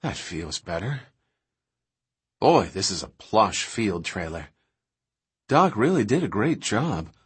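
A man reading aloud and voicing a frank, matter-of-fact adult woman scientist who talks in a dry, direct, low-key way. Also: big pitch swings, slow pace, long pauses, husky, heavily acted. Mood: friendly.

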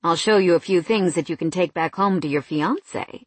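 A woman's voice: fairly low pitch, a little fast, husky, no room sound. A woman reading the part of a confident young man working as a masseur, coaxing and teasing.

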